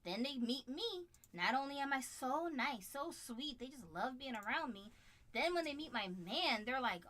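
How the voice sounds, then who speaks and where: A woman co-hosting a casual live chat, animated and quick to act out other people's voices. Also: high voice. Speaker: co-host.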